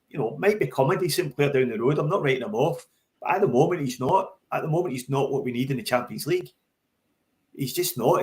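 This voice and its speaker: A man talking football on a podcast with emphatic conviction. He often doubles up words as he restarts his sentences. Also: medium pitch. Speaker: podcast co-host. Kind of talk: casual football chat.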